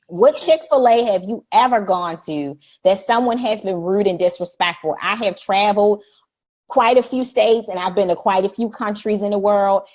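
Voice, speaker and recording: A middle-aged woman hosting a live stream, talking in an energetic, preachy way, repeating "y'all" and acting out polite phrases. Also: mid-range voice, normal speed. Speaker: host. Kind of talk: energetic livestream talk.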